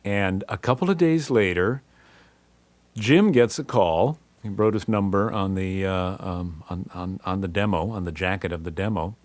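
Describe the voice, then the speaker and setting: A man's voice: deep voice, moderate pace, no room sound. A man recalling his band's early days in casual, slangy spoken-word storytelling, acting out voices and sounds as he goes.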